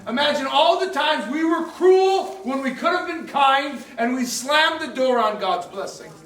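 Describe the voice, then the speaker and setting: A pastor preaching a sermon in a church hall, telling the story in an animated, emphatic way. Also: male voice, very high-pitched, unhurried. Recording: echoey hall, mic at a distance.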